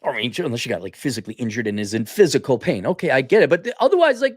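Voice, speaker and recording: A blunt, opinionated man delivers a casual monologue. His pitch swings widely as he talks. The sound is dry and close, with no room around him. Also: racing, slightly rough, dry recording. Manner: blunt, opinionated, animated, frequent restarts. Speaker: podcast host.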